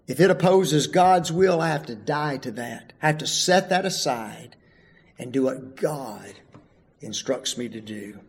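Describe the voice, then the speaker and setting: A man preaching a sermon, emphatic and full of rhetorical questions, swinging from loud calls to hushed asides. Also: mid-range voice, animated, measured pace.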